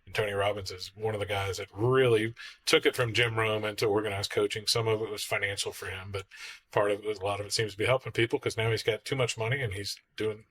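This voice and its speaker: Bright, husky-voiced male podcast host. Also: fairly low pitch, fast. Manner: animated storyteller, acts out quotes. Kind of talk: casual panel chat.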